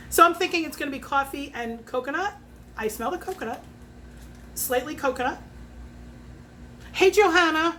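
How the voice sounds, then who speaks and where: A woman's voice: high-pitched, a bit bright, a little hiss or hum. Chatty, foul-mouthed woman in her fifties. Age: 50s. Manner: chatty, swears freely, works out prices aloud. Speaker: home fragrance consultant. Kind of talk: casual chat. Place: at home.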